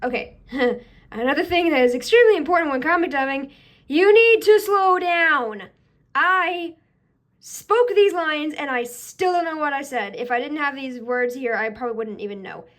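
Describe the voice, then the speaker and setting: A woman's voice: sits high, a little fast. A woman reacting to her own old comic dub, laughing at herself and giving chatty tips. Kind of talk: casual reaction commentary.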